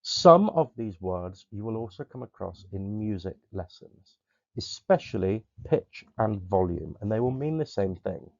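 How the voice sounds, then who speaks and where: A male drama teacher from Somerset, clearly explaining stage terms and vocal skills in a recorded lesson. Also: on the low side, animated, measured pace, darkish tone, no echo. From Somerset, England. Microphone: close desk microphone. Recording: dull, lo-fi dry recording.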